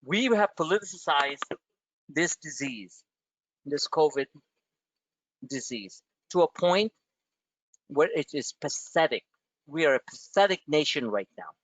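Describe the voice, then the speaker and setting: A man's voice: fairly high pitch, expressive, a little slow, long pauses, fairly bright tone, no room sound, low-quality recording. A man hosting a stock trading webinar, talking bluntly and emphatically, swearing and repeating himself for effect. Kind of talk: live trading webinar rant.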